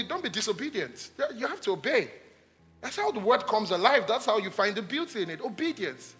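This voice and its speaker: High, bright-voiced preacher. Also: male voice, very animated, brisk, soft background music. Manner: emphatic, repetitive, swings between loud exhortation and hushed asides. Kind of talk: sermon.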